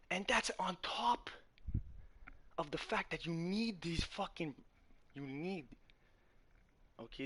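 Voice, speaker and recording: A man's voice: a little high, a bit bright. A man hosting a gaming channel, ranting in a heated, profane way, calling the viewer bro and often correcting himself mid-sentence. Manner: rambling with frequent self-corrections.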